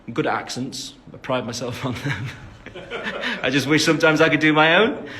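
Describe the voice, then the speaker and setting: A man's voice: a little high, big pitch swings, normal speed, pushed and bright, a little hiss or hum. A young man with an English accent answering fan questions in a rambling, chatty, self-deprecating live-stream chat full of fillers, into a phone mic. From England. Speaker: livestream host reading fan questions.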